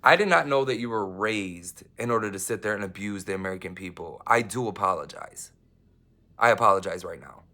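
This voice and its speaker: A man giving a rambling personal monologue, halting with many restarts and fillers, swinging between emphatic outbursts and hushed asides. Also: sits low.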